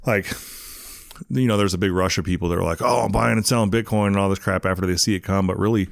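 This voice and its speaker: A man's voice: sits low, steady tone, quick pace, creaky, no echo, studio quality. A man speaking as a podcast guest, laid-back and slangy, often calling the host "dude". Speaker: guest, donut shop owner. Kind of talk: casual interview chat.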